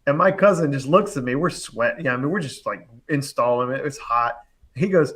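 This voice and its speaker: A man's voice: fairly high pitch, expressive, brisk, fairly bright tone, a little hiss or hum. A young adult man, an HVAC contractor, casually telling a long story on a live panel show, acting out the voices of the people he quotes.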